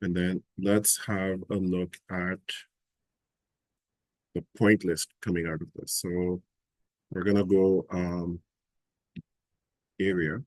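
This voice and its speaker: A man teaching a live software class, explaining each step and thinking aloud as he works. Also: low voice, level tone, slow, pauses often, no room sound. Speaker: instructor.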